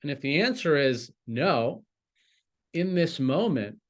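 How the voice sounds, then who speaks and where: A man speaking as a coach in a motivational talk, deliberate and encouraging, with lifts on key words. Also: fairly high pitch, animated.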